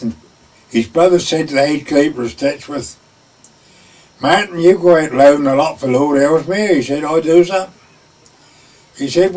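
A man's voice: fairly high pitch, a little mellow. An older man, a former gamekeeper, telling a folksy anecdote and acting out the voices of the people in it. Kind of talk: oral history storytelling. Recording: voice picked up from a distance.

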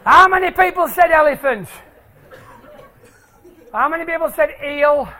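High-voiced playful stage presenter. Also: measured pace, sharp tone, slight background noise. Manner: playful, jokey, drawing in the audience. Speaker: stage presenter of maths tricks. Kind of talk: live stage show to an audience. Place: hall with a live audience.

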